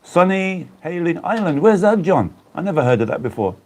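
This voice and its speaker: A man's voice: fairly high pitch, sing-song, normal speed, a little hiss or hum. A man from the Black Country of England, hosting a casual live stream and chatting in a rambling way with viewers he greets by name.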